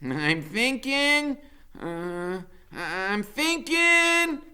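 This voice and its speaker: A man voicing a small, clever boy who plans calmly while reading a novel aloud. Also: very high-pitched, smooth, voice pushed up, exaggerated voice. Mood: pondering. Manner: deliberate, drawn-out thinking. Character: small clever boy, brainy, calm planner.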